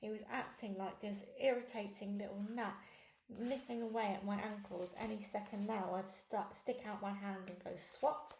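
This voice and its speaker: A woman reading a children's novel aloud in a lively first-person storytelling way. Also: medium pitch, normal speed, creaky, echoey room, slight background noise. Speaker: reader. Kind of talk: storybook read-along narration.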